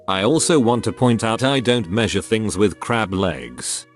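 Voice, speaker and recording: A man's voice: fairly low pitch, very animated, measured pace, hardly any pauses, soft background music. A man narrating a string of online posts aloud, reading each one in turn in a scripted narration style.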